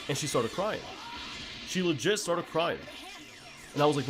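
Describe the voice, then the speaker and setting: A man streaming games, chatting casually and telling stories in a blunt, animated way. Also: on the high side, moderate pace, pauses often, music in the background. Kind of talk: casual gameplay commentary.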